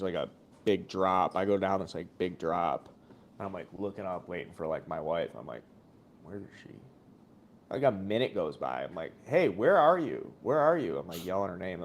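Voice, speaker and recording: Low gravelly man telling a rambling story. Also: brisk, slight background noise. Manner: rambling, swears freely, acts out quotes. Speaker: podcast co-host watching a game. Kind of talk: casual storytelling chat.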